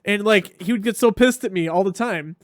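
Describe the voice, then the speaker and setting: A man in his thirties hosting a podcast, chatting loosely with swearing and halting restarts. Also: sits high, no room sound, clean studio sound. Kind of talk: casual chat.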